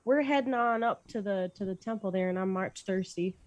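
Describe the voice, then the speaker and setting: A woman's voice: medium pitch, fairly quick, no room sound, highs cut off, pitched below the performer's own voice, lightly acted. A woman voicing a friendly, drawling woman adventurer with a folksy, chatty way of talking. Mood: apologetic. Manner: folksy and chatty, says y'all.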